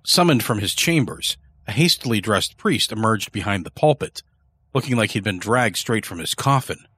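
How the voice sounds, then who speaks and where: A man narrating a horror story in a measured, dark storytelling manner. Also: fairly low pitch, lively intonation, slightly rough, no room sound.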